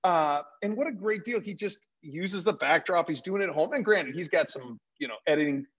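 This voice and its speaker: A man co-hosting a casual talk show, chatting in an animated way and laughing easily. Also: fairly high pitch, a little fast, slightly rough. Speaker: co-host. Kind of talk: casual chat. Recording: dull lo-fi sound.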